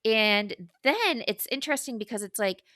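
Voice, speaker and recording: Reflective young woman with a bright voice. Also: on the high side, animated, moderate pace, no echo, studio quality. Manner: reflective, filler-heavy musing. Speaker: podcast co-host. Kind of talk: casual chat.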